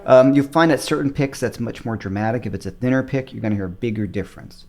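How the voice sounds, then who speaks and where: A middle-aged man teaching a guitar lesson, shifting between louder and softer speech on purpose. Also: quick pace. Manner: varies loudness and pitch on purpose to show dynamics. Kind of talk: guitar lesson, talking to camera. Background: guitar playing.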